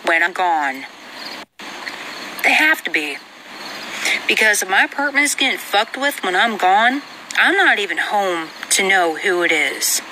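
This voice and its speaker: A woman's voice: mid-range voice, pushed and bright, slight background noise, low-quality recording. A young woman venting at home in an agitated rant, swearing heavily throughout. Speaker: vlogger. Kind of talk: venting monologue.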